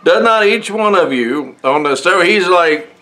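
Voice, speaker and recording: A man's voice: high-pitched, animated, measured pace, bright, forceful tone. Casual, chuckling male preacher. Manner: conversational, chuckles often, many fillers and restarts. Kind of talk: casual sermon with Bible reading. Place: church sanctuary.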